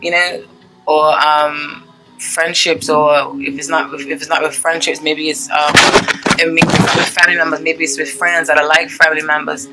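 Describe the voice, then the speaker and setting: A woman's voice: deep voice, flat delivery, normal speed, background noise. A woman giving a casual tarot reading to her viewers, chatty and gushing, checking in with "okay?" often. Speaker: tarot reader.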